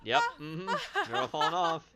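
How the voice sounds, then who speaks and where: A man's voice: a little high, huge pitch swings, moderate pace, very noisy. A man hosting a clip show, commenting on game videos and teasing the players with a laugh. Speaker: host reacting to game clips. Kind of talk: casual reaction commentary.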